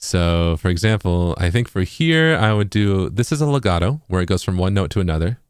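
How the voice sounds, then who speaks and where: A man with a very deep, low voice walks through a tutorial in a casual, explanatory way. He often checks in with "right?" The sound is dry and close, with no room echo. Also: lively intonation, a little fast, clean tone. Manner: explanatory, keeps asking "right?". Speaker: music producer.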